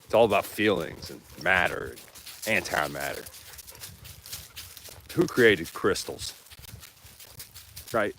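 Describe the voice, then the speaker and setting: Deep-voiced laid-back man rambling outdoors. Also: lively intonation, slow, long pauses, a bit bright, slight background noise. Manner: laid-back, musing, talks to his dogs. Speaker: vlogger. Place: outdoors in nature with dogs.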